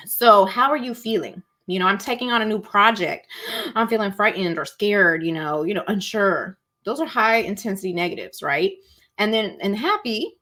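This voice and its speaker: This masterclass host, a woman at home in a cozy setting, keeps her talk on emotions casual and chatty, dropping "y'all" and voicing sample feelings in small character voices. She has a mid-range, fairly bright voice.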